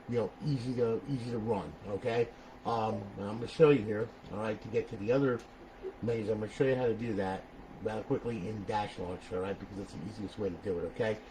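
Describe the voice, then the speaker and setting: A man's voice: fairly low pitch, darkish tone, a little hiss or hum, poor audio. Chatty man checking in with "okay?". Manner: chatty, tags nearly every phrase with "okay?" or "all right?". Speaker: console modder showing a buyer his system. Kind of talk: casual screen walkthrough.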